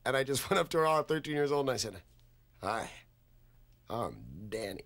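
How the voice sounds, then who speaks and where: Brief: mid-pitched male interviewee, wisecracking, laughs at his own jokes. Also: expressive, brisk, a bit bright. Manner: jokey, laughs through his punchlines. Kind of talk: comic anecdote.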